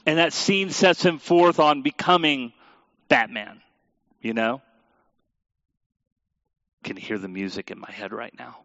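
A man's voice: mid-range voice, fairly even intonation, unhurried, pauses often, fairly bright tone, no echo, lo-fi sound. Dry-sounding male preacher, conversational. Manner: conversational, self-deprecating asides to the congregation. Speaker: pastor. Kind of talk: sermon.

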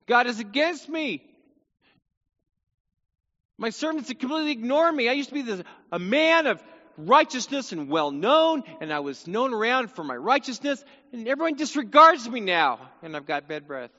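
Guy doing a whiny high wailing old man, all his woes piling up, echoey hall. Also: big pitch swings, normal speed, pushed and bright, dull audio, exaggerated voice. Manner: whiny, complaining wail.

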